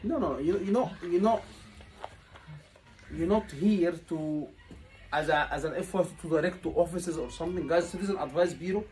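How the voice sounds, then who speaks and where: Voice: medium pitch, moderate pace, a little mellow, soft background music, rough recording. A tutor coaching a room of students, repeating key points and asking rhetorical questions. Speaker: exam tutor. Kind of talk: live teaching session.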